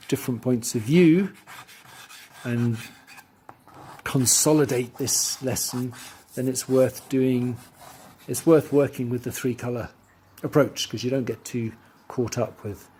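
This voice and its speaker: A man's voice: medium pitch, a little hiss or hum. Man talking through a drawing demo. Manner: thinking aloud while drawing, quiet trailing asides. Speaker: art teacher. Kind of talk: drawing tutorial voice-over.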